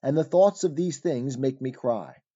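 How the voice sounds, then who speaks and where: Brief: a troubled, earnest pilgrim pleading in archaic words, mellow and dull-sounding, voiced by a male narrator. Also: mid-range voice, a little slow, lightly acted. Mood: anguished. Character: troubled pilgrim man fleeing his city, earnest.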